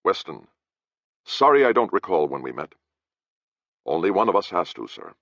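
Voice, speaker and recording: A man's voice: low voice, big pitch swings, normal speed, fairly bright tone, dry recording, voice pushed up, exaggerated voice. A man voicing a loyal, cautious male harbor guard with old-fashioned speech, talking in a confiding way, in a dry, slightly dull recording.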